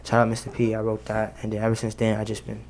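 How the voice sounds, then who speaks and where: A young man with a gravelly edge and a flat, level delivery. He chats loosely in an interview, leaning on slang and filler words as he talks about himself. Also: lowish voice, fast, a little hiss or hum. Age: young adult. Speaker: rapper guest. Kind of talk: casual interview.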